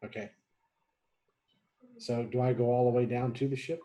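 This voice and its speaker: A man's voice: medium pitch, fairly even intonation, normal speed, warm tone. A young man playing a tabletop game, talking in an easygoing way with dry, self-mocking humor. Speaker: player.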